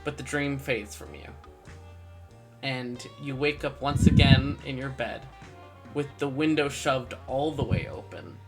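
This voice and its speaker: A game master slowly narrating a tabletop game's dream scene, pausing often with fillers. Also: mid-range voice, over music. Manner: slow, halting narration with many fillers.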